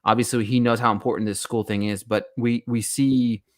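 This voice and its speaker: A man's voice: medium pitch, brisk. Easygoing man podcast co-host. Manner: relaxed, laughs often, uses fillers like "um" and "you know". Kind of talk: casual chat recapping a TV show.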